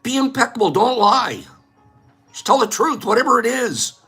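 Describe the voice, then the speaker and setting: Animated, bright-voiced man ranting jokily. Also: very high voice, moderate pace, breathy edge, soft background music. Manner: rambling, joking rants. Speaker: livestream host giving away plates. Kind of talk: casual livestream chat.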